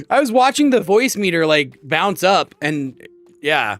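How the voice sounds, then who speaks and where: A man's voice: on the high side, sing-song, a little slow, a bit bright, no echo, soft background music. A man in his thirties chatting casually with viewers while streaming a game, rambling and friendly. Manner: chatty, rambling, talks to chat. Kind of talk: casual live-stream chat.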